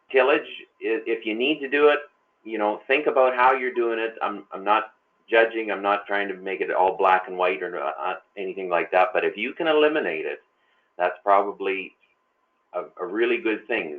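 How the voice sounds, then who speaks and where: A man speaking on a panel in an online webinar, folksy and prone to repeating words and restarting. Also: sits low. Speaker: agronomy panelist. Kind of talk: webinar discussion. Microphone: video call. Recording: tinny phone-like call line.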